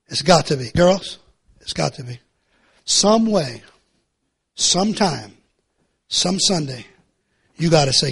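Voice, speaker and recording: A middle-aged man preaches a sermon in a high, gravelly, husky voice. He repeats his phrases again and again, building to loud shouts, then falls to hushed, earnest pleading. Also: lively intonation, slow pace, pauses often. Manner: impassioned, repetitive, swinging between shouting and hushed pleading. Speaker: pastor.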